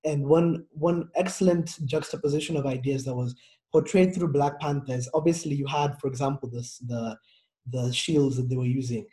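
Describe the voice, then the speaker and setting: A man's voice: mid-range voice, fairly even intonation, moderate pace, warm tone. A man from Africa speaking earnestly in a casual discussion, stressing his points and checking in with "right?". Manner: earnest and emphatic, peppered with "right?".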